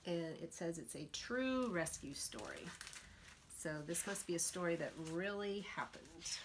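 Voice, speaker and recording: A woman librarian reading a picture book aloud to preschoolers, slow and expressive, pausing to ask the children questions. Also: fairly low pitch, background noise.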